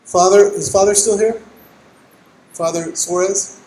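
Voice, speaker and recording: Man trustee, rallying speech, high voice, echoey hall. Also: steady tone, unhurried, darkish tone. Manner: fervent, rallying. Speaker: county school board trustee. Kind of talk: public meeting speech. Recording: echoey hall with faint noise.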